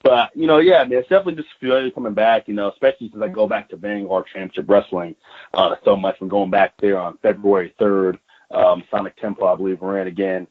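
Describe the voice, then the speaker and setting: Rambling wrestler on a tinny phone line. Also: male voice, fairly low pitch, steady tone, fast talker. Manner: loose, rambling, many fillers like "you know, man". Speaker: pro wrestler, interview guest. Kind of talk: casual phone interview.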